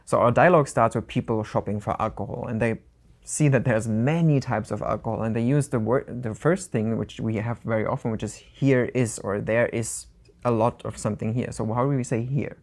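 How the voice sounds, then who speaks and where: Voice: medium pitch, fairly quick. A co-host on a language lesson podcast, explaining and repeating phrases in a conversational way.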